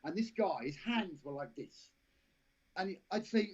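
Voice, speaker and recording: A man's voice: high voice, lively intonation, moderate pace, darkish tone, husky. A man, an actor and podcast guest, telling long rambling anecdotes with restarts and laughs. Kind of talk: casual storytelling interview. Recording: lo-fi live stream audio.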